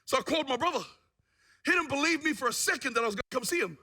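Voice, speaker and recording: Testimony speaker: man, very high and bright voice, lively storyteller. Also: very fast. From New Zealand. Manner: animated storyteller who acts out what people said. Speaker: guest speaker giving a testimony.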